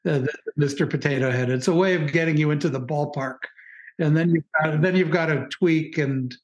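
A man co-hosting a relaxed podcast conversation. His voice sits a little above average, and he comes across as wry, often stumbling over repeated words as he builds a point. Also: on the high side, brisk. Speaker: podcast co-host. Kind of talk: casual podcast chat.

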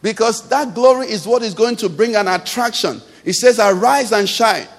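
A man's voice: sits high, normal speed, big-room sound. A male pastor preaching a sermon to his congregation, emphatic, throwing questions out for the crowd to answer. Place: church hall.

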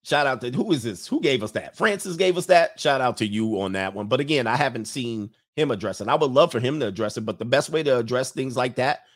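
A man's voice: medium pitch, expressive, fast talker, hardly any pauses. A man hosts a casual livestream, reading out viewer comments and answering them bluntly. He talks in loose street slang and drops short laughs between his points.

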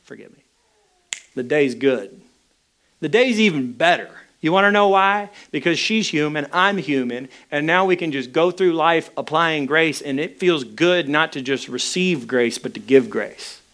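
A pastor preaching a sermon, telling a personal story in a candid, conversational way. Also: male voice, on the high side, animated, unhurried, fairly bright tone.

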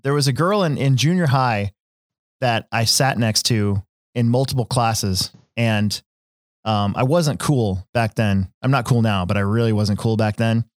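A man's voice: mid-range voice, a little slow, dry recording, studio quality. A man from Nebraska hosting a podcast, telling stories in a rambling casual way with lots of fillers and restarts. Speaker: podcast host. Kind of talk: casual chat.

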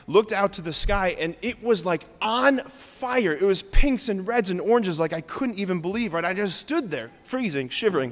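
A Catholic priest giving a homily in an earnest, conversational way, often saying "like" as he talks to the congregation. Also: sits high. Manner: conversational, earnest preaching with frequent "like". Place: large church. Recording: long church reverb.

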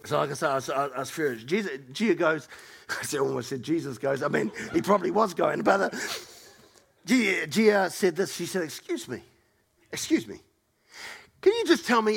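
A middle-aged male pastor telling a story in a sermon, animated and acting out the people he quotes. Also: moderate pace, vocal fry, husky. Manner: animated, acts out quoted people with raised pitch.

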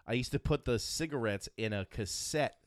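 A man's voice: mid-range voice, moderate pace, dry recording. A man hosting a podcast in casual chat, rambling and joking with frequent restarts. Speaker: podcast host.

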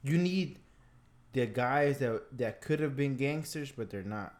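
A man's voice: mid-range voice, lively intonation, measured pace, darkish tone. A man co-hosting a podcast, speaking bluntly in casual chat with plenty of slang. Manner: blunt, slangy, matter-of-fact.

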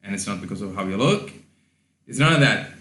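A man's voice: fairly low pitch, expressive, brisk, fairly bright tone. A young man with a Swedish accent hosting a casual podcast, joking crudely and rambling with many restarts. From Sweden. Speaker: podcast host. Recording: echoey room.

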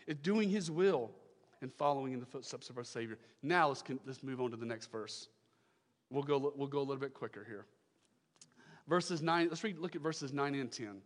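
A male pastor preaching a sermon, emphatic, repeating his phrases and swinging from loud declarations to hushed lines. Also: fairly high pitch, moderate pace, big-room sound.

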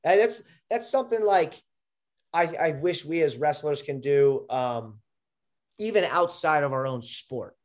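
Chatty young man, slightly high voice. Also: lively intonation, unhurried, a little mellow. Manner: rambling, filler-heavy storytelling. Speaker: guest, former college wrestler. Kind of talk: casual conversation.

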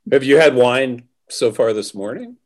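A man with a deep baritone voice, hosting an interview and asking questions in measured phrases. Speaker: host. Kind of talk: interview chat.

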